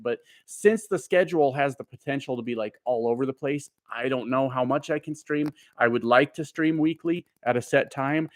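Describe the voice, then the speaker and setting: A man's voice: mid-range voice, no room sound, studio quality. A man who drives trucks, chatting casually on a live stream from home, rambling with lots of fillers as he answers viewer comments.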